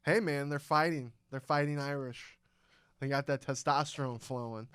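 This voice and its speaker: A man's voice: mid-range voice, fairly even intonation, normal speed, a bit bright, clear, resonant tone, no room sound, clean studio sound. A young man co-hosting a podcast, bantering and cracking crude jokes. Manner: joking, profane banter. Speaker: podcast co-host. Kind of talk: casual chat.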